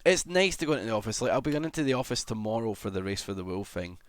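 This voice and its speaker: A young adult man with a lowish voice talks rapid-fire on a dry recording, chatting casually on a livestream. He rambles, puts himself down, swears often, and hums idly between thoughts.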